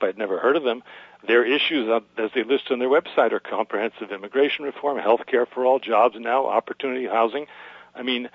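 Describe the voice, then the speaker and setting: A man's voice: medium pitch, no echo, muffled recording. Nervous, skeptical male radio caller. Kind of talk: call-in radio talk.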